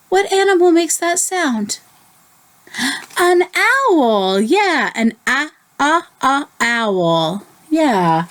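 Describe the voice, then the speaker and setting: A young woman teaching a kindergarten circle time lesson in a gentle, encouraging, sing-song manner, then reading a story aloud. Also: high-pitched, big pitch swings, drawn-out words.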